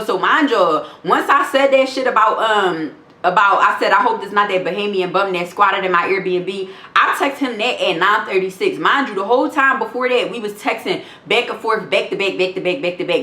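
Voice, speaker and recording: A woman's voice: medium pitch, fairly bright tone. A young woman telling a storytime vlog, reading text messages aloud in a blunt, profane, indignant way. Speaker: vlogger. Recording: roomy echo.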